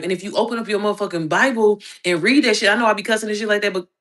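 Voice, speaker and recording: Bright-voiced, fired-up woman from Indianapolis. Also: racing. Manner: blunt, profane, fired-up and preachy; slides into high squeaky voices when mimicking others. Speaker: online business coach. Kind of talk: casual livestream rant.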